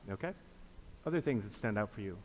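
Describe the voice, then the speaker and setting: A man's voice: lowish voice, lively intonation, fast talker, darkish tone. A man leading a congregation through liturgical renunciations, patiently repeating his prompts and inviting responses. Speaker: pastor leading a group reflection. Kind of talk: interactive liturgical teaching. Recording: long reverb with faint background noise.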